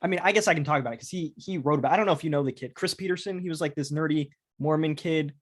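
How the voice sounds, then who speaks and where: A man's voice: fairly high pitch, rapid-fire. A man in his thirties hosting a podcast, chatting casually and rambling, swearing freely with frequent restarts. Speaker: podcast host. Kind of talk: casual chat.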